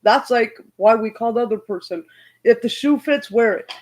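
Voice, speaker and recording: Loud, heated woman telling a story. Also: on the high side, poor audio. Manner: loud, heated, fast retelling of an argument. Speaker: livestream host. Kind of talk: casual livestream storytelling.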